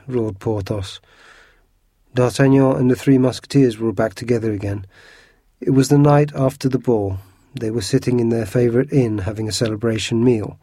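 A man reading a storybook chapter aloud with lively expression. His voice is dark and mellow, in a dry studio recording close to the mic. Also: on the low side, normal speed, slightly rough, no echo. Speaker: narrator.

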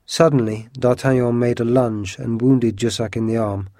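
A man narrating a classic adventure story in an even, measured storytelling manner. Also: mid-range voice, dry recording, studio quality. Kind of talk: storybook reading.

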